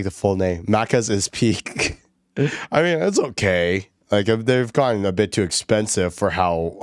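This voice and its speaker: A man's voice: low-pitched, no echo, studio quality. A young man, a VTuber streamer, chatting casually with his viewers while playing a game, laughing often and rambling. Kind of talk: casual gaming commentary.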